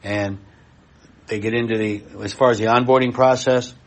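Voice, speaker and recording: A man's voice: fairly low pitch, fairly even intonation, normal speed. Blunt, folksy man giving a talk. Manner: blunt and folksy, talks straight to the audience. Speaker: presenter. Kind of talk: live expo talk. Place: expo presentation room.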